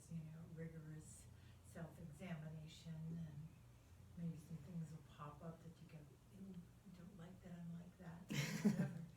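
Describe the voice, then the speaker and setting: A woman casually sharing in a group, halting and using fillers. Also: low-pitched. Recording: roomy, distant mic, faint noise.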